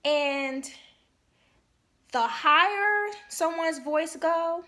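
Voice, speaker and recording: High-voiced woman giving earnest marriage advice. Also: drawn-out words, pushed and bright. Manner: earnest, emphatic, checks in with repeated "okay?". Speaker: marriage counselor. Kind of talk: instructional talk to couples.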